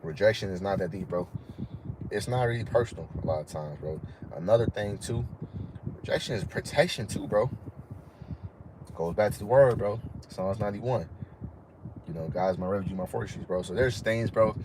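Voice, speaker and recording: Deep-voiced man casually saying "bro". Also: normal speed, noisy background. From Florida. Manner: casual, says "bro" constantly, repeats points. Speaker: online fitness trainer. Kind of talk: casual live-stream advice talk.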